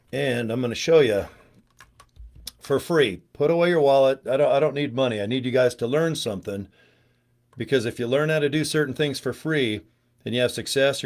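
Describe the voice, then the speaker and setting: Casting note: man, casual rambling livestream host, jokey and digressive, mid-pitched everyday voice. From United States. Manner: chatty, digressive, joking. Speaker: network marketing trainer. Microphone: webcam or phone on a live stream.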